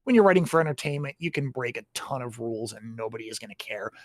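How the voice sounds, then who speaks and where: A man's voice: mid-range voice, expressive, fast talker, no room sound. A man in a casual chat about writing, explaining his points and often checking in with tag questions.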